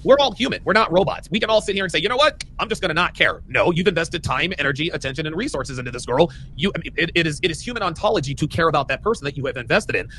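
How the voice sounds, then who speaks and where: A man's voice: a little high, expressive, very fast, few pauses, a bit bright, a little hiss or hum, low-quality recording. A man hosting a podcast, giving emphatic dating advice and often repeating his phrases. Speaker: podcast host.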